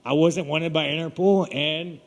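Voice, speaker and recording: Man, slightly high voice, blunt, swearing, rambling story, long hall reverb. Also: fairly even intonation, moderate pace. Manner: blunt, swears constantly, laughs at own story. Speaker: fighter at a media day. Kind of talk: profane rambling storytelling to reporters.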